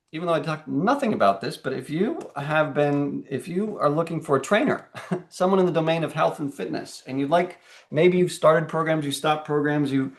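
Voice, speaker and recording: A man presenting his coaching program to a group on a video call, energetic and checking in often with "okay?" and "all right?". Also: on the high side, gravelly. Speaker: life and fitness coach.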